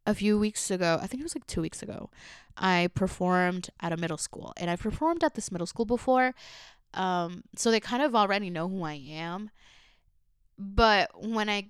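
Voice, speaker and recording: A young woman hosts her own casual solo podcast, sounding earnest and emotional. Her voice is mid-range, fairly bright, clear and resonant, recorded at studio quality with no room sound. She chats casually, says "like" a lot and slips into phrases.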